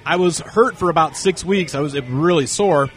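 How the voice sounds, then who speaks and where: A man from North Carolina, appearing as an interview guest, tells long stories in casual conversation with a voice on the high side at normal speed. He is animated and acts out the dialogue of the people in his tales.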